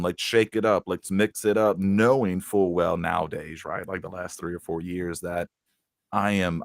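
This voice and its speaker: A man's voice: sits low, gravelly, no room sound, clean studio sound. A man co-hosting a podcast, chatting casually and rambling through stories with lots of fillers. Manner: rambling, laid-back storytelling with many fillers. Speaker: podcast co-host. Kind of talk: casual chat.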